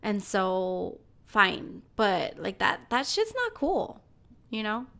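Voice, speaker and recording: A woman's voice: medium pitch, very animated, slow pace, creaky, fairly bright tone. A woman hosting a casual podcast, laid-back and chiming in with reactions. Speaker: podcast host.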